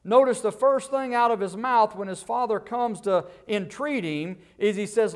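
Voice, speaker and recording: A man preaching a Baptist sermon as a guest preacher. He asks rhetorical questions and moves between loud bursts and quiet, low asides. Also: normal speed, few pauses.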